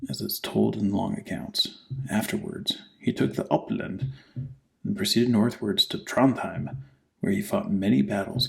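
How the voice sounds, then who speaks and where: A man hosting an ASMR channel, reading an old saga in a soft, half-whispered voice and drifting into rambling asides full of likes. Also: fairly low pitch, vocal fry, rough recording. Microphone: microphone with headphones.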